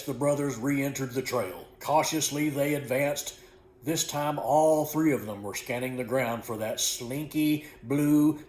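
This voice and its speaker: A man reading aloud from a book he wrote, in an unhurried, folksy way, correcting small slips as he goes. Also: mid-range voice, darkish tone. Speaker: author reading his own book. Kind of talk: storybook narration. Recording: echoey room.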